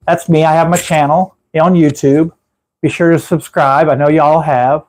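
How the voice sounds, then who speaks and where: Chatty Texan guy, high voice, rambling livestream host talking from his room. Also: steady tone, normal speed, a little mellow, poor audio. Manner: rambling, chatty, laughs at his own stories. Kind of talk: casual live chat with viewers.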